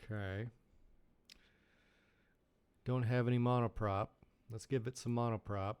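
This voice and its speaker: A man's voice: medium pitch, fairly even intonation, unhurried, smooth. A man streaming a space-building game live, thinking aloud as he works and chatting with viewers. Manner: thinks aloud, chats with viewers, bursts into loud mock shouting. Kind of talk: casual live-stream gameplay commentary.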